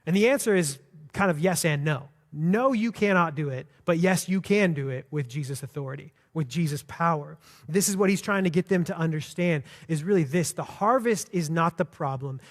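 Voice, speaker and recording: A man's voice: fairly high pitch, moderate pace. A man preaching a sermon as pastor, in a conversational, earnest way with frequent restarts. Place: church sanctuary. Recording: long hall reverb.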